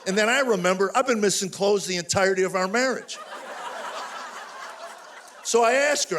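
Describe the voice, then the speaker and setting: An older man doing a stand-up comedy routine on stage, telling stories in an animated, exasperated way. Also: high-pitched, normal speed, long pauses, a little hiss or hum. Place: stage before a live audience.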